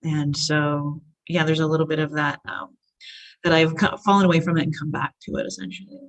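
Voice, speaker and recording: A woman's voice: sits low, steady tone, brisk. A woman speaking as a panelist on a video call, chatty and rambling, often correcting herself.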